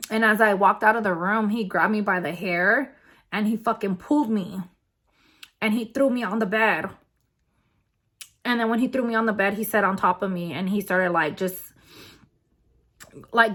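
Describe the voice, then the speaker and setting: A young adult woman vlogger rambles through a personal story in a casual, conversational way, packed with fillers. Her voice is medium in pitch and a bit bright.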